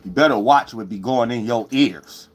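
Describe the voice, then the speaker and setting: A man's voice: medium pitch, normal speed. Profane, scolding preacher man. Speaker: self-styled preacher. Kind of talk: late-night livestream sermon.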